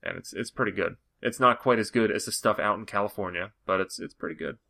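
A man's voice: on the low side, gravelly, pushed and bright. A man hosting a podcast in casual chat, rambling along with many "like" fillers. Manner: rambling, fast, full of "like" fillers. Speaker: podcast host.

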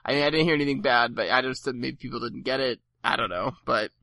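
A man's voice: mid-range voice, fast, vocal fry, pushed and bright, no room sound. A man hosting a podcast in casual chat, rambling with lots of fillers and laughing easily. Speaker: podcast host.

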